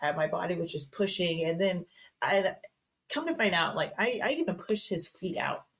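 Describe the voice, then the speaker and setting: A woman's voice: lowish voice, expressive, normal speed, a bit bright. A woman guest on a podcast, telling a personal story in a chatty way with lots of fillers and restarts. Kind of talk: casual podcast conversation.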